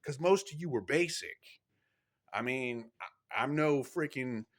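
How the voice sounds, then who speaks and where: A man's voice: mid-range voice, lively intonation, a little slow. A man vlogging at home, telling odd stories in a rambling, self-interrupting way with emphatic bursts and mild cursing. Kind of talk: casual rambling storytelling to camera.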